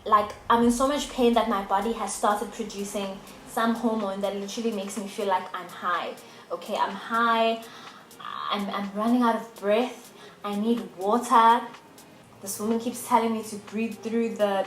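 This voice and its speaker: A young woman vlogger from South Africa, emotionally retelling a hard experience with emphatic repetition. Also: medium pitch. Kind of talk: casual storytelling to camera. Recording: echoey room, faint music.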